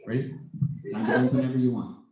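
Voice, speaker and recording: A man's voice: medium pitch, steady tone, quick pace, lo-fi sound. A man acting as emcee, casually introducing the next speakers. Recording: echoey room with loud noise.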